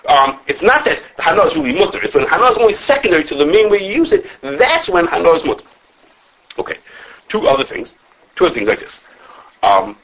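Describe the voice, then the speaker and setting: A husky-voiced man teaches at a rapid clip. His pitch leaps around as he argues through the sources. The recording is dull and lo-fi. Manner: animated, quick, self-correcting, answers questions. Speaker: Torah teacher. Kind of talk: informal halachic class.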